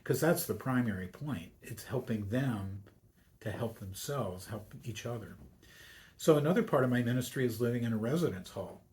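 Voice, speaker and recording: An older man at a middle pitch talks as a guest on a radio show. He speaks in a reflective, story-telling way and slips into the voices of the people in his anecdotes. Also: animated, moderate pace, a little mellow. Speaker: university chaplain, Jesuit priest.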